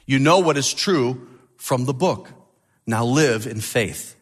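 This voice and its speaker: A man's voice: medium pitch, lively intonation, takes it slowly, husky. A male pastor preaching a sermon with emphasis, repeating key phrases.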